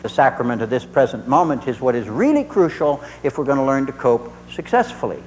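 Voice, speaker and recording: A man's voice: medium pitch, a little fast, slight background noise, poor audio. A middle-aged man, a therapist, telling a humorous story to an audience and acting out the dialogue. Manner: lively storyteller who acts out dialogue.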